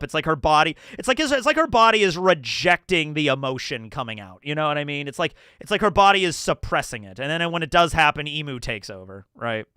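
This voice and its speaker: A man's voice: fairly high pitch, bright, forceful tone, clear, resonant tone, no echo, studio quality. A man streaming live, rambling through casual commentary, swearing and laughing as he goes.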